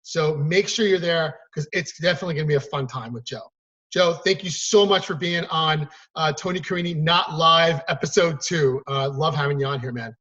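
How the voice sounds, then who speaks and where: A man's voice: on the high side, moderate pace, a bit bright. A middle-aged man hosting a casual online show, upbeat and friendly as he introduces and promotes his guest. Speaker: show host. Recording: dull lo-fi video-call audio.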